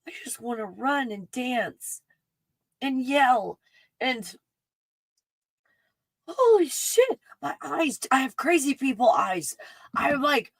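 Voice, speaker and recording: A woman in her forties hosting a casual solo livestream, rambling excitedly and swinging between hushed asides and loud outbursts. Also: high-pitched, slow, long pauses, dry recording, poor audio. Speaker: livestream host.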